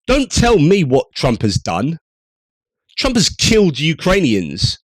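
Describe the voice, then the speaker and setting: A man's voice: on the high side, wildly swooping pitch, takes it slowly, dry recording. A man giving angry, sarcastic news commentary over clips, swearing and ranting.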